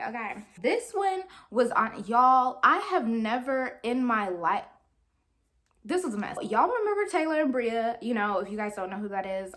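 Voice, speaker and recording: A young woman, telling a chatty storytime to her viewers. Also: fairly high pitch. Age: young adult. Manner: animated, chatty, addresses viewers as y'all. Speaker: vlogger. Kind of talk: storytime vlog.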